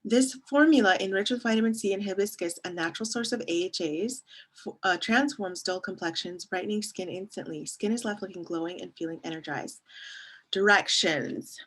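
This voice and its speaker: Chatty, husky-voiced woman vlogger. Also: mid-range voice, brisk, fairly bright tone. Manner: chatty, digressive, laughs often, reads labels aloud. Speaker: beauty vlogger reviewing a face mask. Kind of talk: casual chatty product review.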